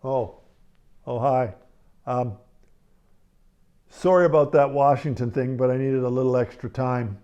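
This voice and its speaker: A man hosting a home comedy show, rambling in a halting, deadpan way between acts. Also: mid-range voice, muffled recording.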